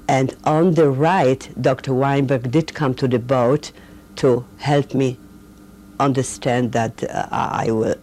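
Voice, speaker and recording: Older woman with a low, mellow voice. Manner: halting, with many fillers and restarts. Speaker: interviewee, Holocaust survivor. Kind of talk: recorded oral history interview.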